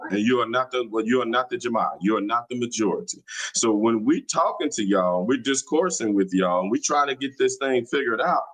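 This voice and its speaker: A man's voice: medium pitch, a bit bright, poor audio. A man hosting a livestream, talking in a combative, taunting, slangy way. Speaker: livestream host. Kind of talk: casual livestream talk. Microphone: streaming mic.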